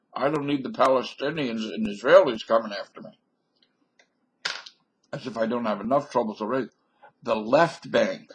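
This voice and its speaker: Older man, husky voice, wandering folksy monologue on a webcam, wisecracks. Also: medium pitch. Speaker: vlogger. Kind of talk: rambling monologue to camera.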